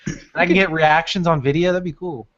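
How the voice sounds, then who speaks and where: A man's voice: on the high side, fairly even intonation, brisk, a bit bright. A man in a casual video hangout, laid-back and swearing casually. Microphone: video call. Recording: lo-fi video call audio.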